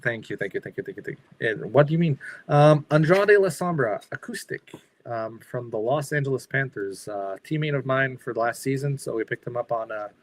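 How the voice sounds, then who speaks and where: A man's voice: medium pitch, dry recording. A French Canadian man co-hosting a casual livestream, rambling and hesitant with many fillers. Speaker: co-host.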